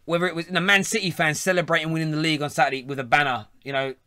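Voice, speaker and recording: A man's voice: fairly high pitch, steady tone, rapid-fire, bright, forceful tone, smooth, no room sound, clean studio sound. A man, hosting a live football phone-in, chatty and laughing often. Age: 30s. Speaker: phone-in host. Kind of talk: casual live show chat.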